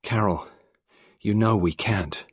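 A man's voice: fairly low pitch, slow, slightly rough, no echo, clean studio sound. A man voicing a tense young man who speaks nervously and urgently in a storybook reading. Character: tense young man urging a desperate plan.

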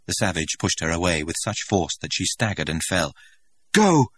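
A man giving an expressive, dramatic audiobook narration. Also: low-pitched, brisk, breathy edge, dry recording.

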